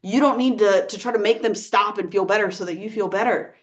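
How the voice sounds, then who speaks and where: A woman working as a life coach, giving earnest, gentle advice straight to the viewer and often checking in with "right?". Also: medium pitch, fairly quick, highs cut off. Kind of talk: advice talk to camera.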